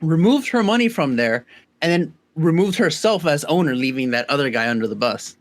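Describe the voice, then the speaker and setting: Man, podcast co-host, casual chat, joking interjections, lively pitch. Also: a little fast.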